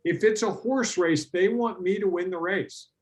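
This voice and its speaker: A middle-aged man leads a business workshop in a relaxed, talky way, with a voice pitched a little above the usual for men. He tells stories and slips into the voices of the clients he quotes. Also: normal speed. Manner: animated storytelling, acts out quoted clients. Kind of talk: conversational workshop talk.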